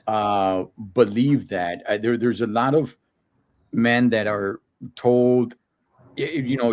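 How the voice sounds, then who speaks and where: A man hosting a casual talk show, animated and repeating himself when worked up. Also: medium pitch, a little slow, no echo, clean studio sound. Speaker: podcast host. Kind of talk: casual opinion chat.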